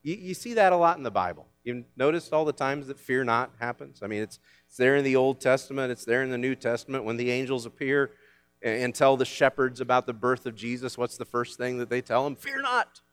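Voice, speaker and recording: A man preaching a sermon as pastor, swinging from loud commands down to quiet asides. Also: medium pitch, a little fast, smooth, faint music behind.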